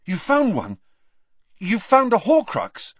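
A defiant teenage boy wizard, put on by a male audiobook reader, shouts his indignation in a raised, strained voice. The recording is dry and a little dull, with no room sound. Every line pushes against patience. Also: sits high, huge pitch swings, slow pace, dry recording, pitched above the performer's own voice, heavily acted. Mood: urgent, eager. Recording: dry, slightly muffled recording.

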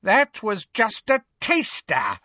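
A gaunt, sadistic witch speaks in a high, gleeful voice that savors every threat, as a male narrator puts her on. The voice stays husky and dry. The sound is a little dull. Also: wildly swooping pitch, slow, pushed and bright, dry recording, heavily acted. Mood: gleeful cruel.

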